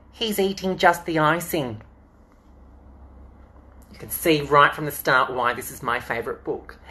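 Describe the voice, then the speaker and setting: A man's voice: high voice, a bit bright. A man with an Australian accent reading children's books aloud as a drag queen during a live-streamed storytime from home into a phone, chatting in a playful, campy way between pages.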